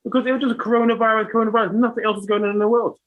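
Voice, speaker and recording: A man's voice: high voice, level tone, racing, narrow, tinny audio. A man hosting a podcast, chatting casually and teasing his guest. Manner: teasing banter. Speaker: podcast host.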